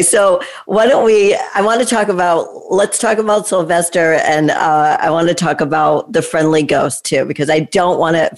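An interview host who talks in a chatty, eager way with loose phrasing, steering the guest to his stories. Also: medium pitch. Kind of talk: casual interview.

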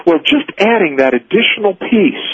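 Animated and earnest, a middle-aged man with a high, slightly rough voice speaks at normal speed as a leadership guest on radio. He works through his ideas in numbered points. The audio is muffled, dry broadcast sound without any room sound.

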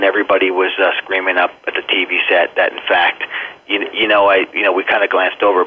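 An earnest man speaking as a phone-in guest on a radio show, his voice sitting a little low. He often restarts his phrases as he tells his story. The line is thin and tinny, like a telephone call. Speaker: interview guest recounting events.

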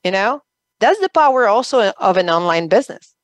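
A woman with a French accent, a guest on a business radio show, speaking haltingly and often restarting as she searches for English words. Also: mid-range voice, sing-song, dry recording. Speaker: guest, online business coach. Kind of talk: radio interview.

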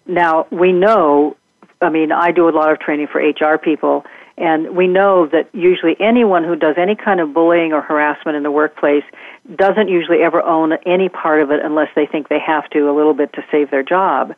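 A woman explains her ideas in a calm, measured way as an interview guest, her voice soft and thoughtful. She comes through a narrow, tinny phone line with no room sound around her. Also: low voice, dry recording. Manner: gentle, reflective, measured. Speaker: guest communication trainer. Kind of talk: conversational interview.

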